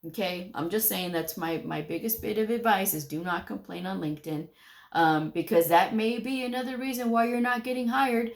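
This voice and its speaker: A woman's voice: mid-range voice, fairly even intonation, normal speed. A woman hosting a career advice channel, speaking bluntly and folksy to viewers in a scolding, direct-to-camera way. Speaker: medical coding channel host.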